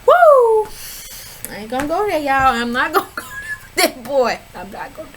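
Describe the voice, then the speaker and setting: A woman's voice: high voice, animated, brisk, fairly bright tone, a little hiss or hum, poor audio. A woman recapping a reality show in casual, sassy commentary, talking back at the screen and chatting to her viewers. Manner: chatty, addresses viewers as y'all. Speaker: reality TV reviewer.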